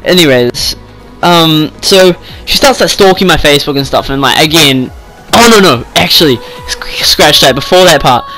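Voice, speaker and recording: Teen boy, bright, slightly high voice, rambling and swearing, faint music underneath. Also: moderate pace, low-quality recording. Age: teens. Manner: rambling, swears freely, lots of "like". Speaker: vlogger. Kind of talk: casual storytime rant.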